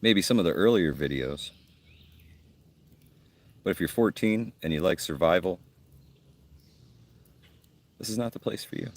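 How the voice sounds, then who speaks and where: Deep-voiced, blunt outdoorsman host. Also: animated, unhurried, long pauses. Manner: gruff, blunt and joking. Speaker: livestream host. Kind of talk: casual livestream chat reading comments. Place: outdoors at a campsite by a fire.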